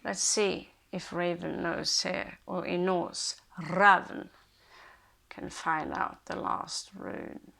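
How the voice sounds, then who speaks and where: A woman's voice: lowish voice, fairly even intonation, slow pace, vocal fry, a bit bright. A woman hosting a casual rune reading, thinking aloud with many hesitations. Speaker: rune reader and channel host.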